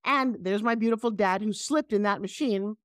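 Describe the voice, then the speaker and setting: A middle-aged woman with a New York accent, a guest telling animated stories on a video call. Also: medium pitch, normal speed, no echo, clean studio sound. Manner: animated, emphatic storyteller. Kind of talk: casual interview storytelling.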